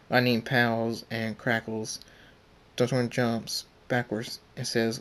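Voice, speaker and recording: A man reading a fan story aloud in a halting way, often restarting words. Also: mid-range voice, completely flat delivery, a bit bright.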